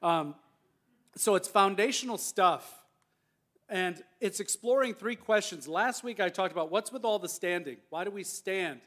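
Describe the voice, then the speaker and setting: Man, pastor, casual sermon, slightly raised pitch, church. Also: measured pace, fairly bright tone. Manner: conversational, self-deprecating, restarts and asides. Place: church sanctuary.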